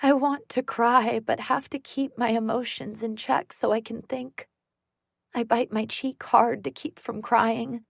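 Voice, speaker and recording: A woman narrating a thriller audiobook in the first person, measured and tense. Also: fairly high pitch, fairly even intonation, creaky, no room sound, clean studio sound.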